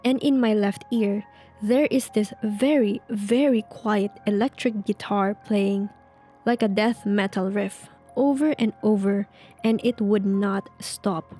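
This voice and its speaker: Woman narrator, mellow hushed read of spooky tales, faint music behind; casting for storytelling channel. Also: mid-range voice, fairly even intonation, slow. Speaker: narrator reading online stories. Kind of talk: reading a creepy story aloud, then commenting.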